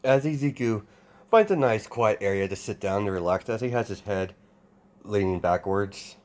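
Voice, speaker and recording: A man improvising fan-fiction narration in a casual, halting way, with many restarts and fillers. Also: on the low side, animated. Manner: hesitant, full of restarts and fillers. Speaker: storyteller.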